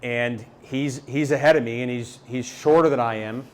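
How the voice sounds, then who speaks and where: A man telling a story live to an audience, animated and halting, with many repeated words and fillers. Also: mid-range voice. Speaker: motivational speaker. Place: talk venue with a live audience.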